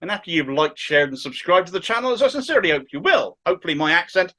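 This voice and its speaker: A man's voice: high voice, big pitch swings, quick pace, bright, forceful tone. A middle-aged man from Cornwall with a thick Cornish accent, giving sardonic, opinionated political commentary to camera. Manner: sardonic, mocking asides.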